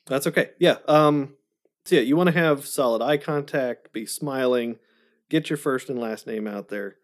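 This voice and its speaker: A podcast co-host in casual chat, giving steady, practical advice. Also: medium pitch, normal speed.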